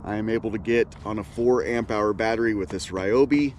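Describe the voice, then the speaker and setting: A man's voice: on the low side, fairly quick. A man hosting an outdoors video, casually explaining things as he goes while out on a kayak on a small lake. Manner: relaxed, thinking aloud, explaining as he goes. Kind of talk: casual on-the-water commentary. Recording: loud outdoor background noise.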